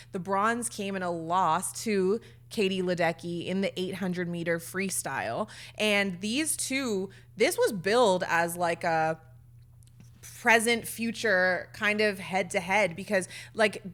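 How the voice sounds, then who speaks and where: A woman's voice: lowish voice, a bit bright. A young woman co-hosting a sports podcast in a casual chat, filling her sentences with "like". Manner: chatty, leans on "like" as filler. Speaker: podcast co-host.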